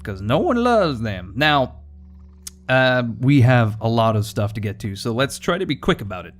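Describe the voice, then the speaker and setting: A man in casual gameplay commentary, wandering from point to point. He jokes and swears without a second thought. His voice sits in a middling pitch. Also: big pitch swings, moderate pace, slight background noise. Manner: joking, rambling, swears freely.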